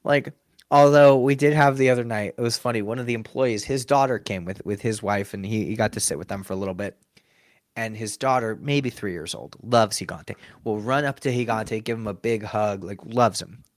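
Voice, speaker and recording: Laughing, animated man telling stories. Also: lowish voice, a little fast, no room sound, studio quality. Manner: animated, laughs often, acts out quotes. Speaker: sports mascot performer. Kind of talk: casual interview storytelling.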